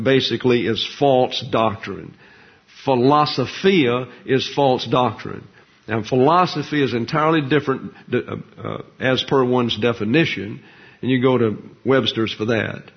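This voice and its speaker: A man preaching a Bible teaching sermon, digressive and folksy, explaining words with many fillers. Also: mid-range voice. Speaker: pastor. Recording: dull lo-fi recording.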